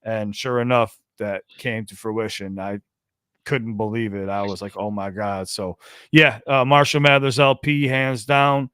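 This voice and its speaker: A man's voice: lowish voice, unhurried, fairly bright tone, clean tone, no echo, clean studio sound. Chatty American man co-hosting a podcast. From United States. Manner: chatty and easygoing, many fillers and restarts. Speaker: podcast co-host. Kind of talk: casual podcast chat with a caller.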